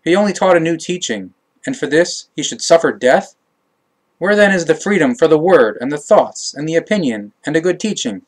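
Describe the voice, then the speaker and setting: A man's voice: mid-range voice, normal speed, lightly acted. A man reading the part of a reluctant, exasperated Roman governor, with raised, indignant questions. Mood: angry.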